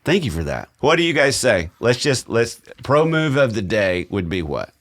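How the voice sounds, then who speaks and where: A man's voice: mid-range voice, very animated, moderate pace, fairly bright tone. A man hosting a podcast discussion, leading the talk and praising his co-hosts. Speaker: podcast host.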